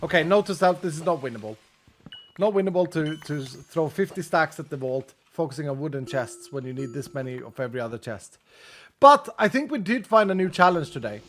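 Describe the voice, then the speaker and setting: A man's voice: fairly high pitch, lively intonation, fairly quick, fairly bright tone, a little hiss or hum. A man chatting casually and tiredly to viewers while streaming a game, joking and thinking aloud. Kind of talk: casual gaming livestream chat.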